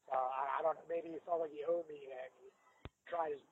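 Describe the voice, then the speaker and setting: High-voiced man on a tinny line. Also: brisk, husky. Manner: rambling, animated anecdotes with fillers. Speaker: guest, former pro wrestler. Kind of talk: casual storytelling interview. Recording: phone-like lo-fi line with faint noise.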